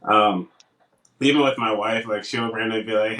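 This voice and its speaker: A man's voice: on the low side, a little fast, reverberant, far from the mic, poor audio. A young man co-hosting a casual podcast, telling stories and acting out what people said to him. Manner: animated storytelling, acts out quotes. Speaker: podcast co-host.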